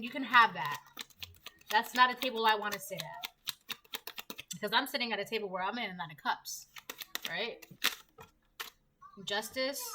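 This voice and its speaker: A woman giving a casual tarot reading, chatty and rambling, slipping into quick voiced asides. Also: on the high side, background noise. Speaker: tarot reader.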